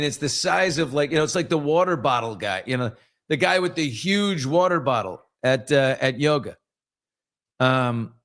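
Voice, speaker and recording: A man's voice: mid-range voice, fairly bright tone. A man in his fifties hosting a casual live chat, reading viewer comments and telling candid, rambling stories. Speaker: host.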